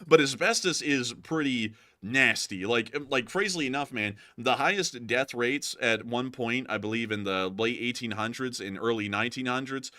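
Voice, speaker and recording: Bright-voiced male livestream news host. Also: mid-range voice, moderate pace, few pauses, dry recording, clean studio sound. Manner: chatty, explanatory, many fillers. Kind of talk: livestream commentary.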